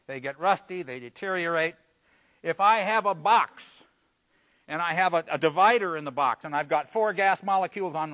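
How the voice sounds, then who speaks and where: A male preacher delivers a full-on sermon in a high, bright, ringing voice, swinging from loud, forceful emphasis to hushed, low asides. The recording quality is poor.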